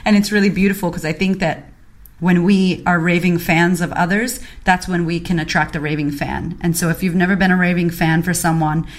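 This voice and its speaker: This is an excitable woman from Boston who hosts a podcast and talks in a slightly low voice. She chats casually and swears freely. She tells stories with energy and acts out her own reactions. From Boston, United States. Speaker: podcast host. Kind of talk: casual chat, animated storytelling. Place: online audio chat room.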